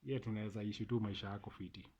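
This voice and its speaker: A man's voice: fairly low pitch, fairly even intonation, rapid-fire, a little mellow, lo-fi sound. A middle-aged man with a Kenyan accent, delivering an emphatic, repetitive opinion monologue to camera as a vlogger. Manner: ranting, emphatic, repeats phrases.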